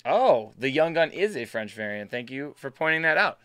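Bright, upbeat card-break host man. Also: medium pitch, big pitch swings, moderate pace, smooth, no room sound, studio quality. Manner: chatty, upbeat, banters with chat. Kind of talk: live-stream commentary while opening card packs.

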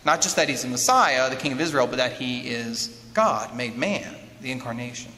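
A man lecturing an audience as an author, lively, asking rhetorical questions and acting out quotes. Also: mid-range voice, moderate pace. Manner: acts out quoted speech. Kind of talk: lively teaching talk with a handout. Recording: long hall reverb, faint noise.

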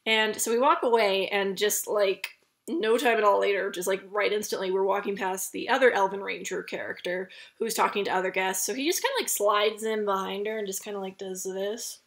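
Young woman, chatty vlog storytelling, lots of fillers, medium pitch. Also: fairly even intonation, fairly quick. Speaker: vlogger. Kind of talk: casual storytelling review.

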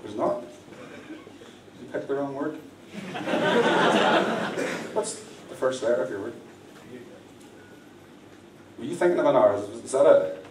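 A man's voice: medium pitch, lively intonation, measured pace, long pauses. Male magician, teasing crowd work, distant echoey live recording. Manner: playful, teasing, directs volunteers. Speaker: magician performing mind-reading. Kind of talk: live stage magic patter. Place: large indoor venue with audience. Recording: echoey room, distant mic, faint noise.

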